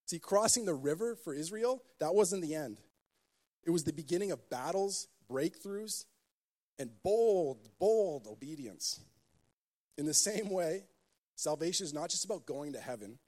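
A pastor preaching a sermon, telling stories with joking asides and building emphasis. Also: male voice, high voice, expressive, measured pace, pauses often, mellow.

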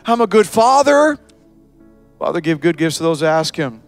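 A male pastor with a high-pitched voice preaches with lively energy. He jumps into quick character voices to make his point. Soft music plays faintly behind him. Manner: animated preaching, acts out voices of parents, children and Jesus. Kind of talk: sermon.

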